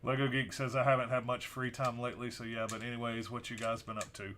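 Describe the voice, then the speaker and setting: An easygoing man co-hosting a casual live stream, reading chat comments and wandering into asides. His tone is bright and forceful at an ordinary pitch. Faint hiss sits behind the home recording. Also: little pitch movement, quick pace. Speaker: co-host of a building live stream.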